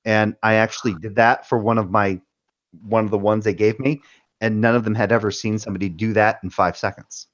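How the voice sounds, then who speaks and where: Low-voiced man spinning army stories. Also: fairly even intonation, a little fast, muffled recording. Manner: rambling storytelling with profanity. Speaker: veteran panelist. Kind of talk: casual chat.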